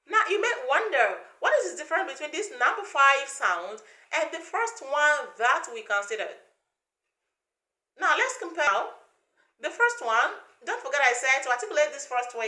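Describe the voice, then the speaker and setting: A woman teaching English pronunciation, speaking slowly and deliberately and repeating each sound for learners to copy. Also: on the high side, sharp tone, reverberant.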